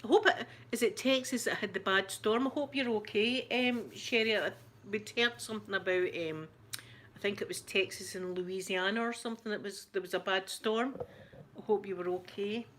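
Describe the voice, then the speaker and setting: A woman's voice: mid-range voice, moderate pace, a bit bright, a little hiss or hum. A woman with a Scottish accent, chatting casually and rambling to her viewers on her channel, laughing often. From Scotland. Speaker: ASMR channel host. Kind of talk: casual live-stream chat.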